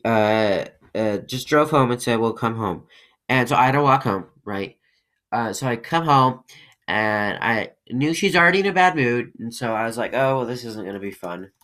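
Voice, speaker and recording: A man hosting a podcast, telling a personal story in a rambling, halting way, full of fillers and restarts. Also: fairly low pitch, a bit bright. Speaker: podcast host.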